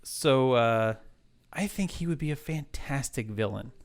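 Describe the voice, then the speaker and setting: A man chatting on a podcast, his voice sitting at an ordinary middle pitch. He talks with eager, rambling enthusiasm, trailing off and starting sentences over. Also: lively intonation, a little slow. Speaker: podcast co-host. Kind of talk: casual chat.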